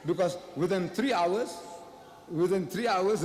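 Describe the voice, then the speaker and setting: A man's voice: fairly high pitch, animated, normal speed. A man giving a public debate speech who poses questions and answers them himself, repeating key phrases for emphasis. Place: large lecture hall before an audience. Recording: reverberant hall sound.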